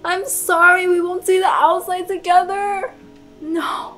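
High-voiced young woman gamer, emotional. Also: flat delivery, unhurried, a bit bright, poor audio. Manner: emotional, swearing, talking to the game characters. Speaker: gaming YouTuber. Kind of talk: let's play commentary. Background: faint game music.

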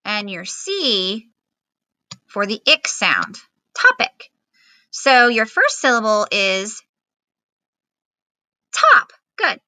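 Lady teacher doing a kids phonics lesson, super slow and patient, bright voice. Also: mid-range voice, big pitch swings, dry recording. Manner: slow, patient, sounding out letters. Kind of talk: remote phonics lesson for children.

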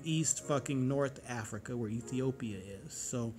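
A man's voice: mid-range voice, moderate pace, a little mellow. A man in his forties vlogging in a casual, rambling monologue, cursing freely and getting heated. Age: 40s.

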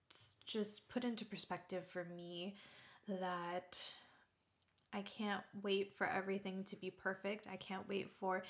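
A woman vlogger speaking to her viewers in a heartfelt, reflective way, halting at times with restarts. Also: mid-range voice, a bit bright. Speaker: YouTuber. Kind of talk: heartfelt talk to camera.

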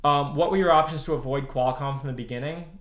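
A man's voice: a little high, fast talker, fairly bright tone. A man in his thirties ranting on a livestream, heated and profane, repeating himself as he answers chat. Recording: roomy echo.

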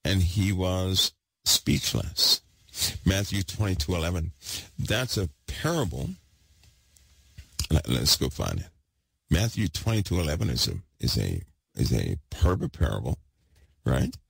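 A low-voiced, husky man preaching with real fire, his pitch leaping all over as he works himself up. He hammers points home by repeating them, then drops into quieter asides. The sound is close and dry. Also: normal speed, long pauses, no room sound. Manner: excitable, swings loud and then hushed, repeats himself for emphasis. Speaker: podcast host preaching. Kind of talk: impassioned preaching.

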